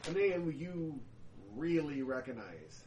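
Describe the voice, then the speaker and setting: A man running a tabletop role-playing game, narrating casually with halting fillers. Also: a little high, very animated, echoey room, highs cut off, background noise. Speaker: game master.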